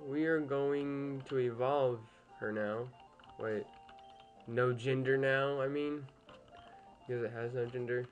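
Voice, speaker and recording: A man's voice: mid-range voice, steady tone, slow, highs cut off, soft background music. A young man casually commentating a game he is playing at home, chatty and easily annoyed, swearing at the game now and then. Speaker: gameplay commentator.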